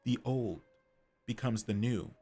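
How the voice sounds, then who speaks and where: A man voicing an eerie, possessed sick hen in a visual novel, speaking in a hushed, slow, ominous way. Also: mid-range voice, faint music behind, natural voice.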